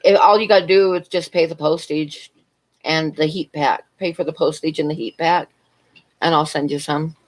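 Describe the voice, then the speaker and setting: A middle-aged woman with a fairly low voice chats casually on a livestream. She wanders through a long personal story and stops to greet viewers and answer their questions. Her talk is loose and full of asides. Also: steady tone, moderate pace. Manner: rambling storytelling, answers chat between stories. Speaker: livestream host.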